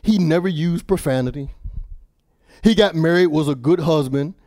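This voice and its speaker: A male preacher delivering an impassioned sermon, repeating words as he builds, falling to a hush and then rising to shouts. His voice is high for a man and sounds close and dry. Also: moderate pace, no room sound.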